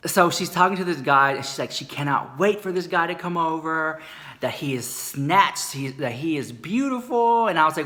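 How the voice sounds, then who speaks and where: Brief: camp male storyteller, gossipy and dramatic, tense bright voice, swoops high for effect. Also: expressive, fast talker. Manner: sassy, calls listener "girl" constantly, swings into high squeals and whispers. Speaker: comedic storyteller.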